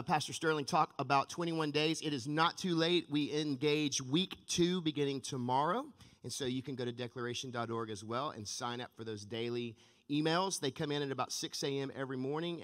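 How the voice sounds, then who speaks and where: Pastor preaching in a reverberant hall. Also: male voice, a little high. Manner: energetic storytelling preacher. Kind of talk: sermon. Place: church sanctuary. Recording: long reverb of a large church hall.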